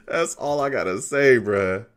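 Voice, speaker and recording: A man's voice: medium pitch, wildly swooping pitch, takes it slowly. A man hosting a casual call-in fan show, talking loosely, laughing often and sounding fed up with his team. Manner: laughs often, exasperated, repeats phrases. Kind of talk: casual livestream chat.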